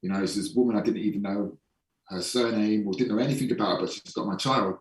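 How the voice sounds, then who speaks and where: A man with a low voice tells his story in a casual podcast interview, frank and sometimes swearing, slowing down to stress points. His voice sits somewhat back from the microphone in an echoey room. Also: recorded from a distance. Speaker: podcast guest, holistic performance coach.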